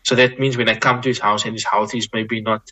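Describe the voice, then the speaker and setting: Appearing as an Islamic scholar guest, this man speaks on the low side with little pitch movement and a bright, forceful tone. His advice is reflective and measured, with frequent repeated or restarted phrases and interjected religious expressions.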